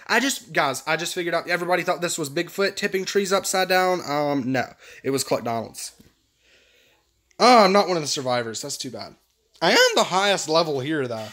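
A man hosting a gaming video, commentating with excitable, exclamatory energy. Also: fairly high pitch. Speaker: gaming channel host.

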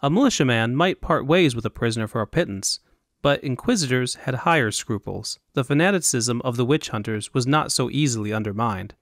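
A man reading scripted fantasy narration in a measured, even storytelling manner. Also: medium pitch, no echo, studio quality. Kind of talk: audiobook narration.

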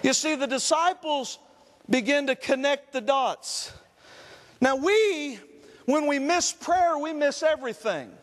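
A man's voice: extremely high pitch, animated, a little slow, big-room sound. A man, a Pentecostal pastor, preaching a fervent sermon with repeated refrains. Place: church sanctuary.

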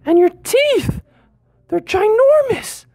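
A woman's voice: very high voice, expressive, slow pace, warm tone, dry recording, studio quality, voice pushed up, exaggerated voice. Little Red, a woman doing a chirpy young girl. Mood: curious. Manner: chirpy, sing-song humming.

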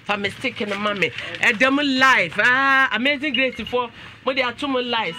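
A man's voice: very high voice, normal speed, few pauses, sharp tone, soft background music. A man with a Ghanaian accent hosting a talk show, switching between English and Twi and exclaiming often.

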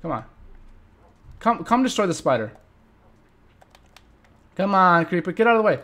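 A young man hosting a let's play, chatting with viewers and reacting loudly and playfully to the game. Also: fairly high pitch, very animated, brisk, pauses often. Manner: playful, jokes and mock eulogies. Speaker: gaming channel host.

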